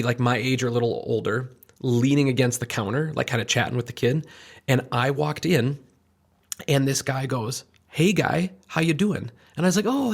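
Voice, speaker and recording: A man hosting a podcast, chatting casually and telling an animated story, acting out the voices of the people in it. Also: medium pitch. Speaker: podcast host. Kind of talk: casual chat.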